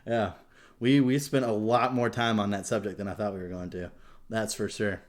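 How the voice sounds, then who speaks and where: A man's voice: fairly low pitch, steady tone. A man hosting a podcast in casual chat, joking, swearing freely and laughing often. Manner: profane, joking, quick to laugh. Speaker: podcast host.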